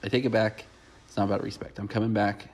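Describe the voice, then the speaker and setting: A man's voice: on the low side, flat delivery, fast talker, darkish tone, a little hiss or hum, natural voice. A man voicing a stubborn, clueless young male dating-show contestant in a sarcastic, mocking way.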